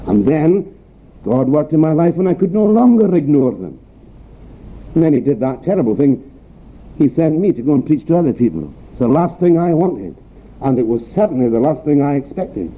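A man's voice: a little high, big pitch swings, normal speed. Scottish preacher man on a tinny line. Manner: earnest, rhetorical questions, folksy anecdotes. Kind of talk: sermon. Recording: tinny phone-like recording with faint background noise.

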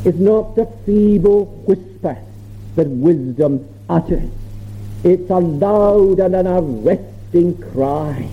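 A man preaching a sermon, earnest and measured, repeating phrases for emphasis. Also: on the high side, slight background noise. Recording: tinny phone-like sermon recording.

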